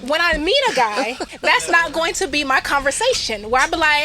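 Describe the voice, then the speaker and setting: A woman co-hosting a podcast outdoors, chatting casually in an animated way, laughing and swearing freely. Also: sits high, normal speed. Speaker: podcast co-host. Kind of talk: casual chat.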